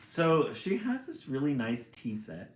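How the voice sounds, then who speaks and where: A man's voice: medium pitch, wildly swooping pitch, unhurried. Chatty guy reading a kids' book on stream, laughs a lot, echoey room. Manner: chatty, laughs often, greets viewers. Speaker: storyteller and livestream host. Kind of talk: reading a picture book aloud on a livestream. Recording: roomy echo.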